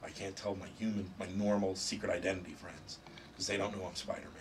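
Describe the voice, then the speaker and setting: A man voicing a grieving young male superhero who confides in a quiet, low, subdued way, recorded from a distant mic with faint noise. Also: steady tone, fast, close to an everyday voice.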